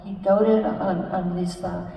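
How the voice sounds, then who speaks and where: Older woman guest, low gravelly mellow voice, halting live storytelling, heard far off in a reverberant hall. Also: fairly even intonation, slight background noise. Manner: halting, warm storytelling with many fillers and restarts. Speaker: guest telling her life story. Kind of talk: live stage conversation with audience. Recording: echoey hall, speaker far from mic.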